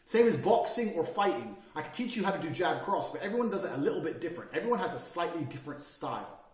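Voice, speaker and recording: A man giving a blunt, forceful motivational lecture and swearing freely as he coaches his listeners. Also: a little high, sing-song, fast talker. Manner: profane, forceful and emphatic. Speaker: self-improvement speaker. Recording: echoey room, mic at a distance.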